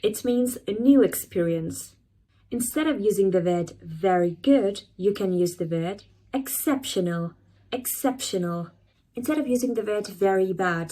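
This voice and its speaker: A woman's voice: medium pitch, warm tone, poor audio. Woman teaching English vocabulary. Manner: repeats each word slowly for learners to copy. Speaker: English teacher, channel host. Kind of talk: vocabulary lesson to camera.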